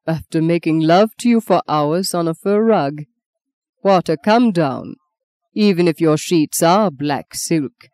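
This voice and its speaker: A woman's voice: low voice, expressive, a little slow, darkish tone, no room sound. Woman voicing an ardent, teasing male lover. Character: man in his thirties, ardent, teasing suitor.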